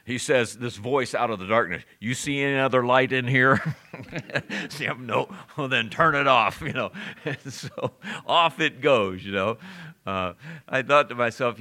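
A man's voice: medium pitch, sharp tone. A middle-aged man preaching a sermon, explaining scripture verse by verse and telling a story, with frequent "uh"s and restarts. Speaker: pastor.

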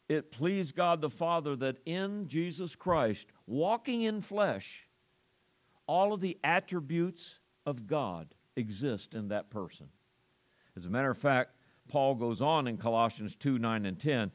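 Slow-talking preacher guy, leans hard on key words, dry close sound. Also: medium pitch, big pitch swings, dry recording. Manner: emphatic, slows and swells on key words. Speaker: pastor. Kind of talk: sermon.

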